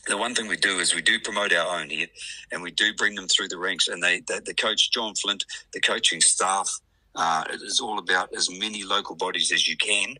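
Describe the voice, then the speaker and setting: A man's voice: deep voice, fairly even intonation, normal speed, bright, forceful tone, slightly rough, no room sound, rough recording. A middle-aged man with a New Zealand accent, a club president chatting on a radio interview, hesitant with many fillers. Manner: hesitant, lots of fillers, laughs easily.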